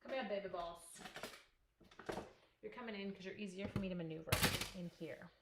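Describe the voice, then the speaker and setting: A woman's voice: medium pitch, a little fast, very noisy. Chatty Canadian woman hosting a crafting stream. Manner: chatty, talks to herself while working, giggly. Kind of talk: live crafting class chat.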